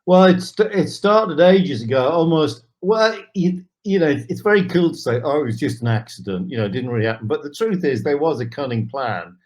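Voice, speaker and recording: Man telling a lively story. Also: a little high, brisk, hardly any pauses. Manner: animated anecdotal telling, lively asides. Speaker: guest, charity founder. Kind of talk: storytelling in an interview.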